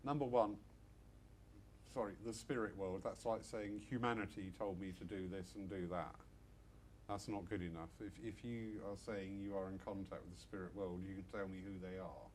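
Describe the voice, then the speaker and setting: A man's voice: low-pitched, steady tone, normal speed, a little mellow, a little hiss or hum. A middle-aged man giving an informal church talk to a small audience, chatty with self-mocking asides. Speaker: church speaker.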